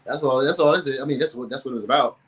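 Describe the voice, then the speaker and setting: A man's voice: mid-range voice, rapid-fire, fairly bright tone. Slangy casual man reading tarot. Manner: loose slangy chatter, reacting to chat comments. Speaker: tarot reader.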